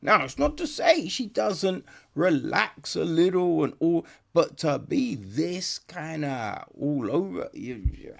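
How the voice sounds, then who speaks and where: Gravelly, animated man reviewing a film. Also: on the high side, takes it slowly. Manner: rambling, blunt, swears, many tag questions. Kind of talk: casual spoken film review.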